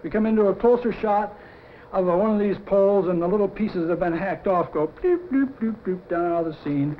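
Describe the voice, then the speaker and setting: A middle-aged man, a cartoon story man, pitching a storyboard animatedly and acting out sound effects as he goes. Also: steady tone, a little fast, a little hiss or hum. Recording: dull lo-fi 1950s TV audio.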